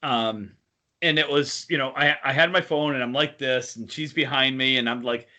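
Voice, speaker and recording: A man's voice: medium pitch, normal speed, sharp tone. A man co-hosting a podcast, telling crude jokes in casual banter. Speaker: podcast co-host. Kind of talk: casual chat.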